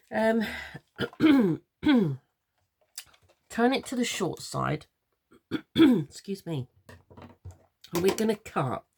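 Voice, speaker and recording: A woman's voice: sits low, vocal fry, slight background noise. An English woman with a chatty, rambling way of talking, giving a casual craft tutorial from her craft room at home. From London. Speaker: papercraft tutor.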